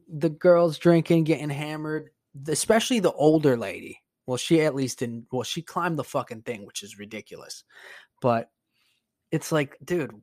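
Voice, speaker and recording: A man hosting a podcast, telling a rambling, profane story in a casual monologue, sounding exasperated. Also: medium pitch. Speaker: podcast host.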